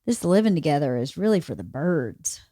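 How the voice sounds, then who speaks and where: Tired, teasing mom with lively pitch. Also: female voice, brisk, dry recording, studio quality. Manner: teasing, motherly, yawning. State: tired and yawning. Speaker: podcast host. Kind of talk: casual chat with her daughter.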